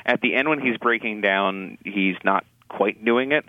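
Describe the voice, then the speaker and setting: A man with a lowish voice talks through a film review in a casual, halting way, often restarting his sentences and dropping in dry, wry asides. The sound is thin and phone-like, with no room around it. He carries the chat as a regular co-host. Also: no room sound. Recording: tinny phone-like line, dry.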